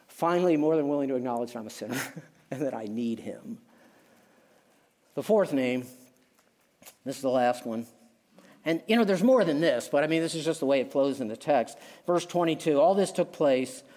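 A male pastor preaching a sermon in an easy, conversational way, swelling into emphatic lines and dropping into quiet asides. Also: fairly high pitch. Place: church sanctuary. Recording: long hall reverb.

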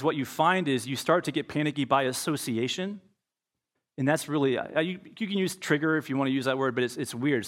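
A pastor preaching a conversational sermon, telling a personal story and acting out his own inner dialogue. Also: mid-range voice.

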